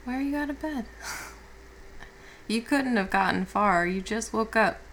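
A woman playing a caring girlfriend who has just woken up, speaking softly and reassuringly with casual swearing in an audio role-play. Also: a little high, expressive, a little slow, a little hiss or hum, rough recording. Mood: tender. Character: affectionate young woman, the listener's caring girlfriend.

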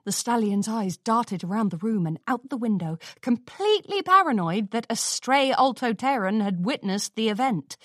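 A woman's voice: fairly high pitch, normal speed, hardly any pauses, dry recording, clean studio sound. A woman narrating a storybook chapter expressively, acting out the lines of the characters. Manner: expressive, acts out dialogue. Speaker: audiobook reader.

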